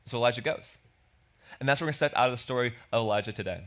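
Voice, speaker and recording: A man's voice: medium pitch, lively intonation, racing, fairly bright tone. A man preaching a sermon as pastor, in a conversational way, acting out quoted lines. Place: church.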